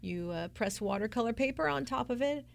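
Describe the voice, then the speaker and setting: A woman in her forties, a doula, calmly explaining her work as a podcast guest. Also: on the high side, brisk, gravelly. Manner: calm, explanatory. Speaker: guest, doula and placenta encapsulator. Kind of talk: podcast interview.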